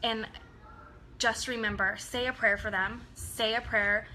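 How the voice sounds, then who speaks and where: Earnest rambling woman with a bright voice. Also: on the high side, steady tone, a little slow, slight background noise, low-quality recording. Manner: earnest, rambling, many ums. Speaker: team leader addressing her downline. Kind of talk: casual talk to her team.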